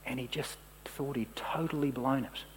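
A man preaching a sermon, telling a story and dropping to a hush for quoted lines. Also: mid-range voice, steady tone, normal speed, in a large hall, slight background noise, rough recording.

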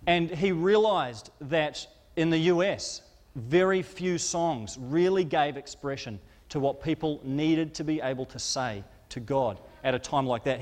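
Impassioned preacher in a reverberant hall. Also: male voice. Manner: impassioned, acts out quoted cries with rising pitch. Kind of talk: sermon.

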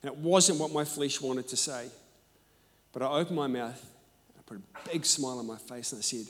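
A man preaching a sermon and telling personal stories, animated and emphatic, moving between loud and hushed. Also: a little high, a little fast. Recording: echoey hall.

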